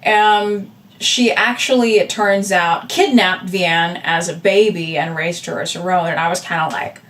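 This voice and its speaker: A woman who's both artist and vlogger chats to camera, wandering through fillers and asides. Her fairly low voice is a bit bright and her pace measured. The mic is distant: a camera with a separate audio backup.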